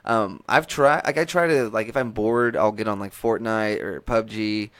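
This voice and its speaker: A man's voice: fairly low pitch, moderate pace, fairly bright tone, no echo. A man chatting casually on a podcast, rambling with lots of restarts and swearing.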